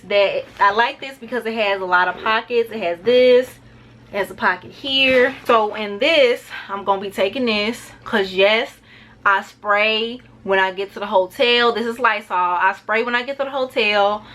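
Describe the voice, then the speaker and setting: A woman's voice: medium pitch, a bit bright, slight background noise. Chatty woman vlogger. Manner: chatty and rambling, addresses viewers as y'all; talks fast at times to keep it short. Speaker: travel vlogger. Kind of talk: casual packing vlog.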